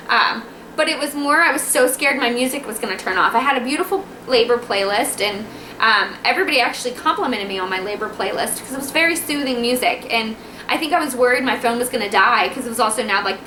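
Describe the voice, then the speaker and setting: A woman telling a personal story to camera at home in a chatty, animated way, acting out the dialogue. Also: a little high, fast talker, a little hiss or hum. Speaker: vlogger telling her birth story. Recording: echoey room, faint ambience.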